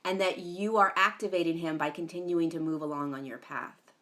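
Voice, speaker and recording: A woman's voice: lowish voice, fairly even intonation, brisk, fairly bright tone. A woman hosting a casual livestream, chatting in a rambling way with many fillers, greeting viewers by name and swearing now and then. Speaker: livestream host.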